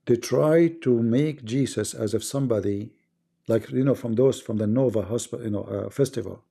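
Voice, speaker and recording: A man's voice: mid-range voice, normal speed, gravelly, dark tone. A man hosting a livestream, talking casually in English and arguing through rhetorical questions. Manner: argumentative, asks rhetorical questions, non-native grammar. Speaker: livestream host.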